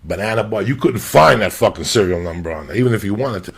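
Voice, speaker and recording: Gravelly, raunchy storytelling man. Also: on the low side, fast. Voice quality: gravelly, husky. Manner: raunchy, animated, swears constantly, acts out quoted voices. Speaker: comedian storyteller. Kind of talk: crude casual storytelling.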